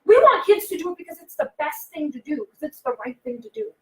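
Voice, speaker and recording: A woman coaching parents in a casual, animated talk, often acting out what kids say and asking the listener questions. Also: sits high, fast, roomy sound, poor audio. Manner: animated, acts out kids' voices, asks the listener questions. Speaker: behavioral consultant and life coach.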